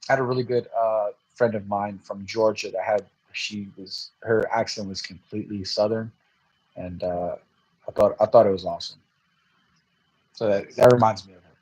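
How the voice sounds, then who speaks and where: Easygoing low-voiced man hosting a podcast. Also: steady tone, moderate pace, a little mellow, dull audio. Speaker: podcast host. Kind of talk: casual chat.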